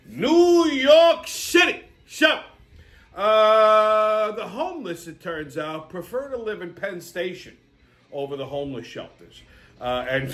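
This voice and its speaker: Male host, high voice, profane blunt ranter with confrontational bravado. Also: a bit bright. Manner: blunt, swearing, ranting, repeating "okay?"; tells a story with confrontational bravado. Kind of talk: profane rant commentary.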